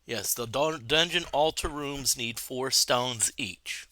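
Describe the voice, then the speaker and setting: A man voicing a stately old male wizard in a video game, speaking slowly and formally in archaic words. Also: dry recording. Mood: solemn. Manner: slow archaic speech, deep and hushed.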